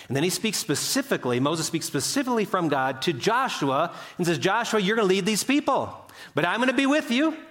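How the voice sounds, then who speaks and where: An older man delivers a sermon in a warm, conversational storytelling way, his voice sitting a little high for a man. He acts out quotes with sudden jumps up or down in pitch. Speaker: pastor.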